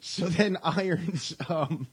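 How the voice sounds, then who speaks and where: A man with a husky, slightly rough voice talks loosely on a podcast. He rambles, laughs a lot and swears without a care. The sound is close and dry, with no room echo. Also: fairly high pitch, slow pace. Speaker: podcast co-host. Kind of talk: casual chat. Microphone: podcast mic.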